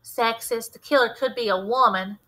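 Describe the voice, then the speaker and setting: Woman reader doing a cheeky girl detective: eager, bright, a little high. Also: normal speed. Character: spunky eleven-year-old girl sleuth, eager.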